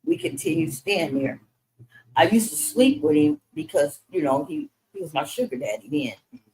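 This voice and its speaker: A woman's voice: lowish voice, very animated, moderate pace, gravelly, darkish tone, a little hiss or hum, rough recording. A middle-aged woman telling her son her life story, frank and conversational, with frequent restarts. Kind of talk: candid personal storytelling in conversation.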